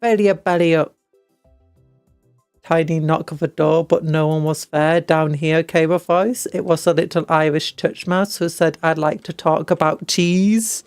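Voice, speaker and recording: Slow, gravelly British woman streamer. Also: low voice, steady tone, a little mellow, no room sound, soft background music. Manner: reads upgrades aloud, jokey asides. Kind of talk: casual gameplay chat.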